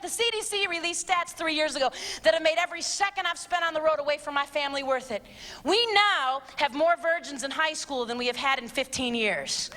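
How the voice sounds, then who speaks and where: Bright, high-pitched woman preaching in a hall. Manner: emphatic, direct and exhortative. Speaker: abstinence speaker. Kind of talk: live talk to a youth audience. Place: large church hall, live event. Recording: long hall reverb, faint crowd.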